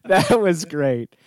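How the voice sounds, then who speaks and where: A man co-hosting a casual podcast chat in a relaxed way, laughing easily. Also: fairly high pitch, dry recording, clean studio sound. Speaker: podcast co-host.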